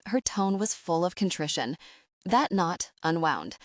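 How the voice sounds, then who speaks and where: A woman narrating a first-person romance audiobook in a steady, even storytelling voice. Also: fairly low pitch, measured pace, no room sound, studio quality.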